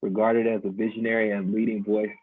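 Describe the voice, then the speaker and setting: A man co-hosting a panel, introducing the guests one by one in a steady, listing manner. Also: on the low side, fast, slightly rough, dry recording. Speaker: panel co-host. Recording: tinny phone-like line, dry.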